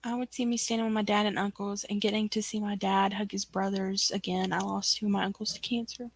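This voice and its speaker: A woman's voice: medium pitch, little pitch movement, brisk, creaky, husky. A woman hosting a casual livestream chat, reading viewer comments aloud in a chatty way. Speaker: book club host.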